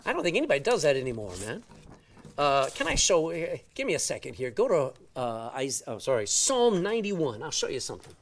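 A man from Texas with a Texan accent, preaching a sermon in a folksy, animated way and drawing out words for emphasis. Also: on the high side, a little fast, recorded from a distance. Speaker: pastor. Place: church.

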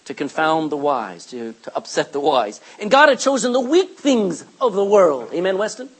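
A middle-aged male preacher giving a lively sermon, reading scripture and acting out everyday asides. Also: high voice, moderate pace, slightly rough, rough recording.

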